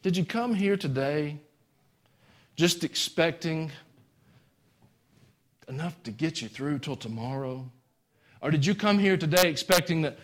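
Folksy preacher, rising to high exclamations. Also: male voice, expressive, measured pace, pauses often. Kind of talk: sermon.

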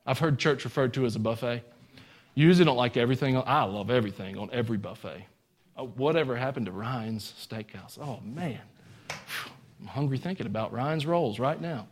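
A man preaching a sermon in a folksy way, rising to high exclamations. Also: expressive, a little fast.

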